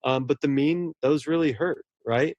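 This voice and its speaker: A man's voice: a little high, moderate pace, a little mellow, dry recording, muffled recording. A man, a horror novelist, talking earnestly and at length in a casual interview, often restarting his words.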